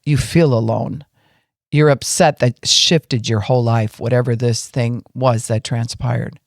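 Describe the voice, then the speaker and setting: A man's voice: mid-range voice, steady tone, measured pace, gravelly, dry recording, clean studio sound. A man giving an earnest teaching talk on a podcast, explaining emotions step by step and acting out people's inner voices. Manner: acts out people's inner voices in quoted lines. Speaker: podcast speaker on grief and emotions.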